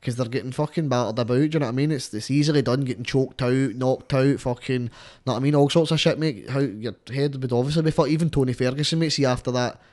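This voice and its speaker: Fast-talking sweary Scottish man. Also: mid-range voice, darkish tone. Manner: rapid, sweary, full of fillers. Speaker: podcast host. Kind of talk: casual chat.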